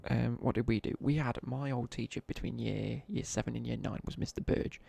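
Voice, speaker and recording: Fairly quick and fairly even in intonation, the young man's medium-pitched voice is creaky, dark, and husky. Speaking British English on a gaming stream, he rattles off laddish school stories with slang and comments on his play.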